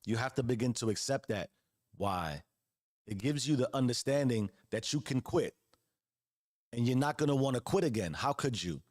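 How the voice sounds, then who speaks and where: A man's voice: mid-range voice, expressive, normal speed, a little mellow, dry recording, studio quality. A man in his forties giving an earnest motivational monologue as host, preaching with casual slang and repeated phrases. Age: 40s. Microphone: close podcast mic.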